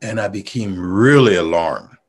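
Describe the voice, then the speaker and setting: A man's voice: low-pitched, unhurried, slightly rough. A middle-aged man from Liberia with a Liberian accent gives an earnest, motivational storytelling talk. He sometimes repeats words to press a point. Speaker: mayor giving a talk.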